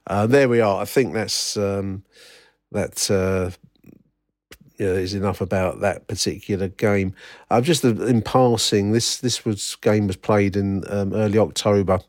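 A man with a somewhat low voice hosts a solo football history podcast in a wry, rambling way. He stops and restarts often and fills gaps with ums. The sound is dry and close, with no room echo. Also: fairly even intonation, unhurried. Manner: reads out old newspaper reports. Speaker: podcast host.

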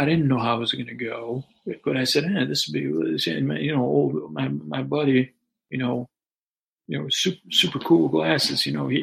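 A man with a deeply gravelly, husky voice spins a meandering comic story. He keeps stopping, restarting and wandering off into asides. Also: fairly bright tone, poor audio. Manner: halting, full of restarts and asides. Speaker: comedy storyteller. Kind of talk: rambling improvised comic story.

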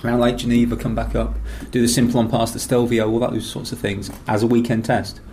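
A man's voice: mid-range voice, flat delivery, a little fast, mellow, a little hiss or hum. A middle-aged man from England hosting a podcast, rambling through stories in a chatty, teasing way. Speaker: podcast host. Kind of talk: casual chat.

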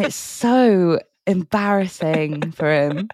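A woman co-hosting a podcast, chatting casually and laughing a lot as she tells animated stories. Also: low-pitched, moderate pace, few pauses, dry recording, studio quality. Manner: giggly, animated storyteller doing silly quoted voices. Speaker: podcast co-host. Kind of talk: casual chat.

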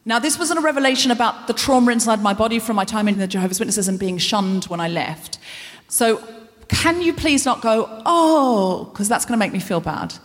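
A woman's voice: fairly high pitch, lively intonation, fairly quick, hardly any pauses. A woman hosting a live comedy show, giving a self-deprecating stand-up monologue full of rambling asides, in a large concert hall before an audience. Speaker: host.

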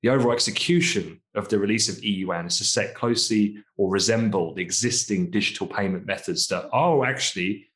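A man's voice: on the low side, brisk, hardly any pauses, a bit bright. A man from the UK co-hosting a casual finance podcast, chatty, laughing often and hedging with asides. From United Kingdom. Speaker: podcast co-host.

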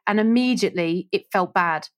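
Lively woman telling stories. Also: mid-range voice, moderate pace. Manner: lively, acts out quoted voices. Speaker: radio presenter, guest. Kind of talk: casual storytelling interview.

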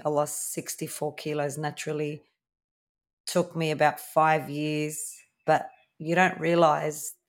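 A woman in her thirties with an Australian accent, a podcast guest candidly telling her own story in a conversational way. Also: sits low. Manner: candid, conversational, with fillers and quoted dialogue. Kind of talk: personal storytelling interview.

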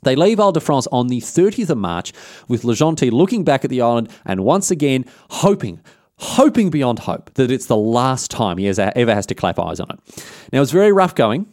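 A man's voice: medium pitch, darkish tone, dry recording, studio quality. A man hosting a history podcast, telling the story in a casual, slangy, cheeky way.

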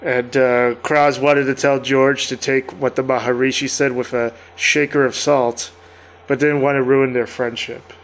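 A man's voice: medium pitch, level tone, a little slow, fairly bright tone, slight background noise. A man co-hosting a podcast, talking in a loose, wry and joking casual chat. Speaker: podcast co-host.

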